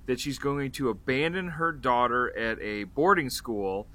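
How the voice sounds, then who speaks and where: A man's voice: mid-range voice, a little slow, sharp tone. A man co-hosting a casual movie-review chat, recapping the plot in a rambling way with fillers and the odd swear. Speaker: podcast co-host.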